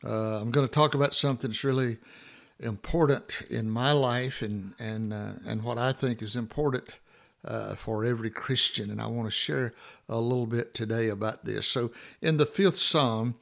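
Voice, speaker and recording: A man's voice: mid-range voice, steady tone, normal speed, gravelly. A man hosting a morning devotional podcast, talking informally with many fillers and restarts as he works through a scripture passage.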